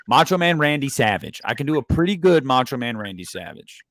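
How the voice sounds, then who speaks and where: A man's voice: mid-range voice, very animated, fairly quick, a bit bright, dry recording. A man hosting a livestream in casual chat, rambling with many fillers and restarts. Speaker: livestream host.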